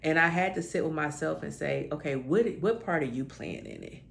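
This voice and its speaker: A woman's voice: low-pitched, animated, brisk, gravelly, slight background noise. A woman with talk giving heartfelt spiritual encouragement to listeners, calling them honey and baby. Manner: emotional, tearing up with joy. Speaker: spiritual self-help podcaster.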